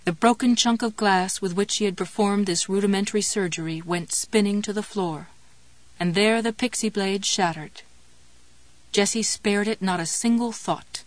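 A woman's voice: medium pitch, normal speed, no echo. Woman narrating a tense story, dry sound. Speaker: audiobook narrator. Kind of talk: scripted narration of a horror novel.

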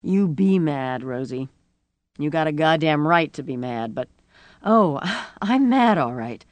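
A woman voicing a big, tough older woman who is blunt, profane and reassuring, with a low rumbling voice. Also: lively intonation, unhurried, no echo. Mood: earnest.

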